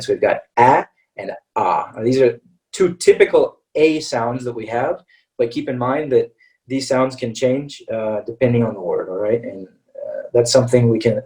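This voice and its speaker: A man's voice: mid-range voice, darkish tone. American man teaching vowels, slightly distant mic. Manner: patient, checks in with "okay?" after nearly every phrase; slows down to model vowel sounds. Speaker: English pronunciation teacher. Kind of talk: webinar lesson.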